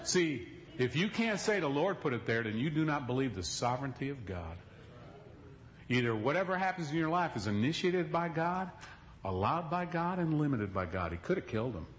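A middle-aged male pastor preaching an animated sermon, swinging between loud stretches and hushed ones. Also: a little high, normal speed, highs cut off.

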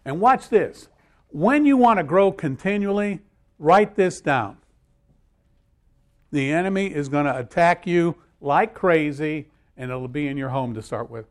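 A man's voice: fairly high pitch, animated, measured pace. A man preaching a sermon, emphatic and repeating key phrases, joking with his listeners. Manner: repetitive, emphatic, jokes with audience.

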